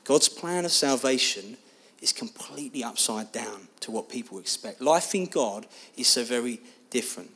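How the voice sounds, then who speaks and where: A man preaching a sermon, telling a personal story in an animated, expressive way. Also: medium pitch, moderate pace, husky.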